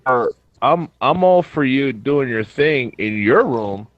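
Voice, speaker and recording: A man talking as a guest on a casual livestream, animated and teasing with quick comebacks. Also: mid-range voice, dry recording. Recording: dull lo-fi mic.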